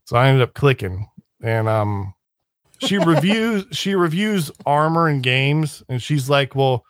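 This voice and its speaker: A man's voice: on the high side, big pitch swings, a little slow, no echo. Dry-voiced rambling man, casual chat. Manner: rambling, many restarts, sneering asides.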